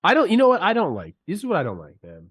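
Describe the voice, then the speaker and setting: A man's voice: sits high, wildly swooping pitch, a bit bright, breathy edge. A man co-hosting a sports podcast, a former player talking casually and ranting with heat while sick with a cold. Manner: fired-up, ranting, drawn-out "dude" and "bro". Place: podcast studio.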